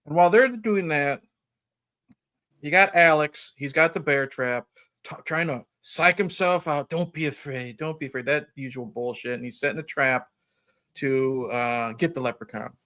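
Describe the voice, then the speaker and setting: A male podcast host retells a film in a rambling, chuckling casual chat, saying "you know" frequently. His voice is on the high side, pushed and bright, and he speaks a little slowly.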